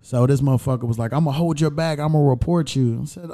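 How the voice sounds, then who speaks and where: A man casually telling an airport story, full of profanity and quoted back-and-forth, heated and animated. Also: mid-range voice, fast talker.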